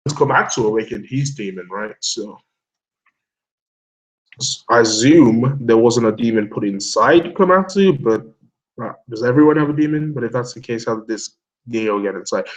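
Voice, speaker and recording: A man hosting a casual online hangout, rambling excitedly in loose commentary, swearing often, laughing and talking himself in circles. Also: mid-range voice, normal speed, poor audio. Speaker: host of an online discussion hangout.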